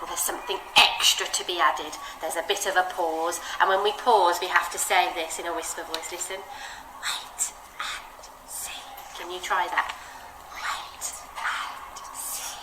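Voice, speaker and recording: A woman with an English accent teaching a child to read aloud, modelling phrases with big, expressive changes of voice and lots of encouragement. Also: lowish voice, a little fast, few pauses. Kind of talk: one-to-one reading lesson with a child. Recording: echoey room with background noise.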